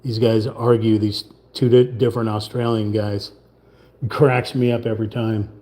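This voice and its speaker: Brief: livestream host, man, mellow tone, casual rambling chat at his painting table. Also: lowish voice, little pitch movement, normal speed. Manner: rambling, chatty, trails off into muttering.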